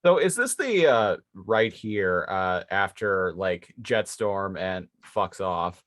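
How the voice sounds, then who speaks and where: A man's voice: low-pitched, expressive, slow pace, fairly bright tone, no echo, clean studio sound. A man co-hosting a casual podcast, joking dryly and asking questions. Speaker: podcast co-host.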